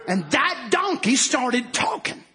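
A man preaching a fervent sermon, shouting and then dropping low. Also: big pitch swings, slow pace. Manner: fervent shouting, swinging from loud to soft.

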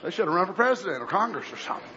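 A man preaching a fiery sermon, shouting and swinging into mocking impressions. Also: high-pitched, very animated, racing, a crowd in the background. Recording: lo-fi muffled sound.

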